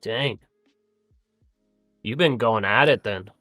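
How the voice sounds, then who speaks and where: A man's voice: mid-range voice, slow, bright, forceful tone, no room sound, faint music behind. A man hosting a livestream in casual chat, easygoing and hesitant, with plenty of fillers. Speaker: livestream host.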